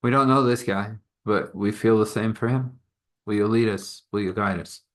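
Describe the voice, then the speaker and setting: A man's voice: fairly low pitch, fairly even intonation, moderate pace, close to an everyday voice. A man voicing an earnest dragon pleading in a told story.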